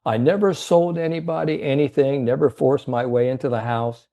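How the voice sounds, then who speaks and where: A man's voice: medium pitch, fairly even intonation, normal speed, mellow, close to an everyday voice. A man voicing a homespun eighty-six-year-old male door-to-door salesman with plainspoken pride. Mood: earnest.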